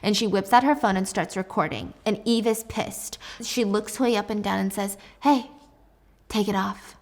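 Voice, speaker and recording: A chatty woman recapping a TV drama, with sassy asides and a casual flow. Her voice sits in a middling range for a woman. She sounds relaxed and conversational. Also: medium pitch, moderate pace. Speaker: youtuber.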